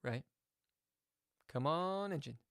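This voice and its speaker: A man hosting a live chess stream, chatting casually and joking, with sudden loud outbursts and mumbled asides. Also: on the high side, animated, takes it slowly, gravelly, no echo, studio quality. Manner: playful, jokey, swings between loud outbursts and mumbled asides. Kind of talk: casual live-stream chat while playing.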